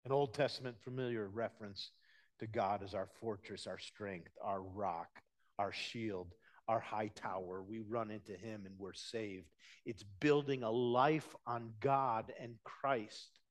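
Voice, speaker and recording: A man preaching a sermon, talking conversationally and swinging between hushed, low passages and emphatic, raised ones. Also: measured pace. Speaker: pastor.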